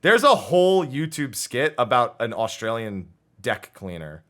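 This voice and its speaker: A man's voice: mid-range voice, very animated, unhurried, fairly bright tone. A man with a New Jersey accent, hosting a casual chat show and joking with guests, laughing often. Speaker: podcast host.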